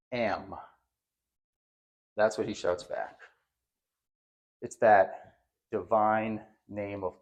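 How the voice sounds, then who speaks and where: A man preaching a sermon as pastor, animated, acting out quotes with a raised voice and often repeating words. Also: mid-range voice.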